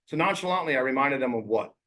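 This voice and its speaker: A man giving agents a loose, slangy coaching talk. His voice sits at an ordinary middle pitch. He speaks bluntly and drops in quick asides that mimic his clients. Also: expressive, a bit bright. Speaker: real estate coach.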